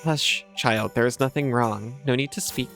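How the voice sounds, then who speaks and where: A man's voice: mid-range voice, normal speed, a bit bright, faint music behind, close to an everyday voice. A man voicing a cold, imperious mother ruler. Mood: condescending. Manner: stately, formal, condescending. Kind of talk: reading game dialogue aloud.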